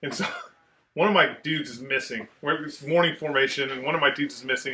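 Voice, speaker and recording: A man telling war stories in a casual, profane chat, animated as he acts out the people in them. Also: a little high, quick pace. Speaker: podcast host, Marine veteran.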